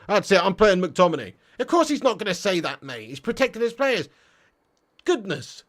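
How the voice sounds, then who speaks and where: Sweary football fan host. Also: male voice, high voice, normal speed. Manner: swearing, blunt, excitable rants. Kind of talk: live stream reading chat comments.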